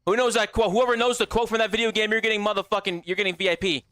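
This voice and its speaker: Running a live gaming stream, this man talks directly to his chat with brash, profane jokes in casual chatter. His voice is high, bright, and forceful, racing along, and the sound is dry and close with no echo or room around it.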